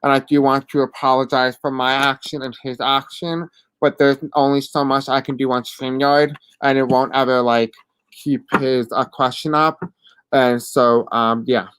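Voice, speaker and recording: Live-stream reader, deaf accent, halting and apologetic, smooth clear tone, dry close sound. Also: medium pitch, flat delivery, fairly bright tone, dry recording. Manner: halting and apologetic, many fillers. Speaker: host giving live spiritual readings. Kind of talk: live-stream reading, answering chat questions.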